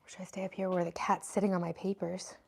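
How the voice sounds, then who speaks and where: A woman's voice: fairly low pitch, little pitch movement, fast, gravelly. A woman hosting a casual livestream, chatting and answering viewer comments as they come in. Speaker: livestream host.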